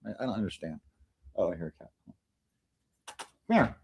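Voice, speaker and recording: A man's voice: low voice, rapid-fire, creaky, warm tone, slight background noise. A man hosting a casual livestream from home, chatting in a meandering way with lots of fillers and restarts. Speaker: livestream host. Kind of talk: rambling casual livestream chat.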